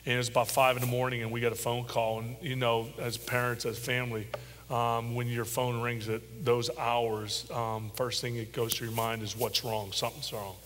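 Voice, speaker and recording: Middle-aged guy telling his story slow and heartfelt, lotsa ums, echoey church hall. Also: mid-range voice, level tone, fairly bright tone, slight background noise. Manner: halting and heartfelt, many pauses and ums. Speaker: interview guest, father. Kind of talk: personal storytelling interview.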